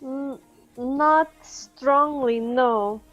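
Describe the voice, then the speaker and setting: A woman speaks as her character in a tabletop game, halting and stammering a little. Her voice sits fairly high. The sound is dull and lo-fi, with faint music behind. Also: a bit bright. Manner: hesitant, with stammers and restarts. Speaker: player. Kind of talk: in-character tabletop role-play.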